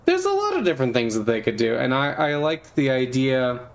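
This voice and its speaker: A man's voice: very animated, brisk, poor audio. A man streaming while chatting casually, rambling and playful with lots of fillers. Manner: rambling and playful, many fillers, bursts into squeaky silly voices. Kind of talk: casual gaming stream chat.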